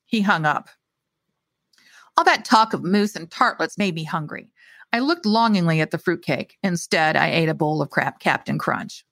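Author reading her own short story: woman, animated, very dry sound. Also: lowish voice, normal speed, no echo. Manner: lively, expressive delivery.

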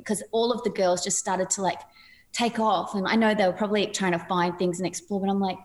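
A woman's voice: mid-range voice, fast talker. Chatty woman telling a story. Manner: chatty, laughing, lively quoted voices. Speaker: podcast guest. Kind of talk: casual interview storytelling.

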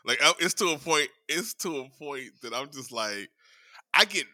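A man co-hosting a casual chat podcast, playful and laughing, swinging to loud high outbursts, on a close mic. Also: expressive, normal speed, dry recording. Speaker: podcast co-host.

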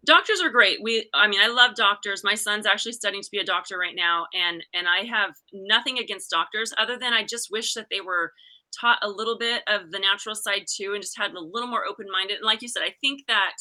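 A middle-aged woman, a podcast guest, chatting and telling a story in a lively, animated way with restarts and laughter. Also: medium pitch, brisk. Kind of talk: casual storytelling chat.

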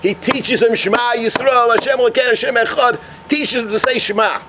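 A man teaches through stories in an animated sermon, weaving Hebrew and Yiddish terms into his English. His voice sits very high and sounds bright and forceful. Faint noise lies under the recording. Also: brisk. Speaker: Torah teacher. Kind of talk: sermon storytelling.

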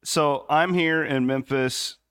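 A man's voice: a little high, slow pace, a bit bright, smooth, no echo, studio quality. A man from Southwest Iowa co-hosting a live sports podcast, rambling through casual chat with lots of fillers. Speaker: podcast co-host. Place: on the road in Memphis.

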